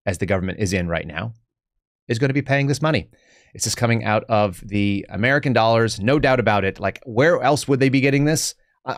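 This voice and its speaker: A man's voice: mid-range voice, dry recording, clean studio sound. A man hosting a live podcast, giving casual political commentary in a sarcastic, rambling way with joking asides. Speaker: podcast host.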